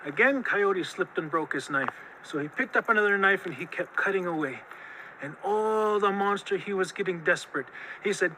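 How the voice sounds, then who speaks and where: A man telling a traditional tale in a lively, expressive way, drawing out the key moments. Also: high voice, normal speed, a little hiss or hum, low-quality recording. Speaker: storyteller. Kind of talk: oral storytelling of a traditional tale.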